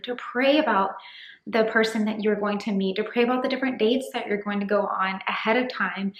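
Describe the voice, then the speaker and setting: Woman, 30s, faith vlogger; slightly higher voice, earnest and encouraging, a little breathless, roomy echo. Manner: earnest, encouraging, gently preachy. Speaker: faith-based dating vlogger. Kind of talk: casual to-camera vlog talk. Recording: echoey room.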